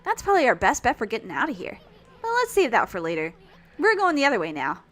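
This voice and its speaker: A woman's voice: a little high, huge pitch swings, quick pace, fairly bright tone. A woman reading game dialogue aloud for a tiny, brash male sidekick who talks in a cocky, teasing way.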